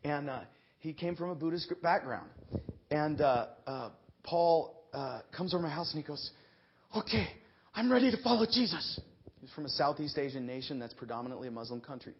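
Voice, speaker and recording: A middle-aged man preaching a sermon as an animated storyteller, bursting into shouts and laughter. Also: a little high, brisk, slightly rough. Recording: dull lo-fi recording.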